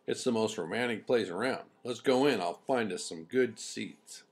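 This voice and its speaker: A man voicing a sly male wolf who flatters smoothly while posing as a handsome ram. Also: fairly low pitch, moderate pace.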